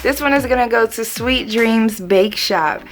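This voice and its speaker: A woman's voice: fairly high pitch, a little slow. A woman hosting a baking tutorial, chatty and bubbly, talking straight to her viewers. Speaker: baker and cake channel host.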